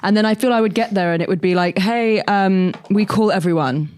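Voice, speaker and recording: A woman co-hosting a podcast in casual chat, dropping quick, teasing quips. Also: mid-range voice, a little mellow. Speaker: podcast co-host.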